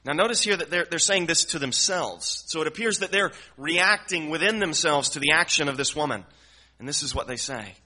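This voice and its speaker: A man's voice: fairly high pitch, animated, fairly quick, sharp tone. A man teaching through a Bible passage verse by verse, earnest and explanatory, often repeating words as he works through a thought. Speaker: preacher.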